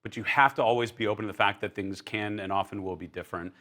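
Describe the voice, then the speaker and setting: Bright-toned male guest, thoughtful and explanatory, talking through ideas in a studio. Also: on the low side, steady tone, quick pace. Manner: thoughtful, explanatory, hedging with "right?". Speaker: guest market strategist. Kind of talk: casual market chat.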